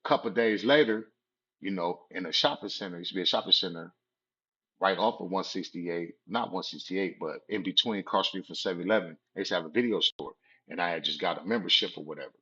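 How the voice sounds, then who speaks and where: A man's voice: sits low, brisk, pushed and bright, slightly rough. A man, casually telling a personal story in laid-back street slang. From Southern California. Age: 40s. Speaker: vlogger. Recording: dull lo-fi recording.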